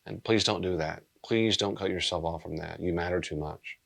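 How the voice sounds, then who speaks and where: Low-voiced, subdued man teaching as pastor. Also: moderate pace, vocal fry, fairly bright tone. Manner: earnest, plain-spoken, subdued.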